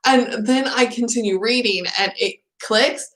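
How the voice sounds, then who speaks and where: A woman's voice: fairly high pitch, measured pace, a bit bright. A young woman and native English speaker hosting a casual livestream chat. She laughs often and acts out her own anecdotes. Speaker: channel host. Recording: roomy echo.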